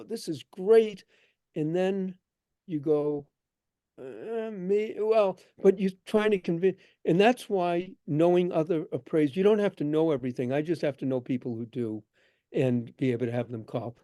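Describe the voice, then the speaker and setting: A man's voice: fairly high pitch, no echo. A man telling stories of his trade to an audience, acting out the people in them as he goes. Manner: animated anecdotes, acts out dialogue. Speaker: guest speaker, bookshop owner. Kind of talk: storytelling talk. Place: event hall.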